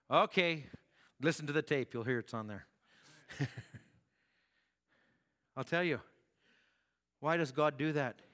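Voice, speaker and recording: A man preaching a sermon in a church hall, telling stories with animation, acting out voices and rising to shouts. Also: on the high side. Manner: animated storytelling, acts out voices, rises to shouts. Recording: long hall reverb.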